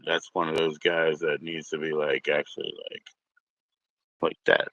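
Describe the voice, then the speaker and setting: A man's voice: very deep voice, level tone, measured pace, a bit bright, dry recording, dull audio. A man hosting a casual livestream from home, rambling, swearing and mocking trolls in chat. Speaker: livestream host.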